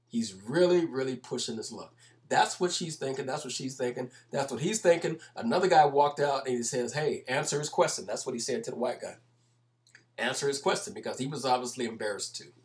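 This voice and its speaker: A man's voice: mid-range voice, a little fast. A man commenting over video clips, explaining at length in an emphatic manner and repeating his points.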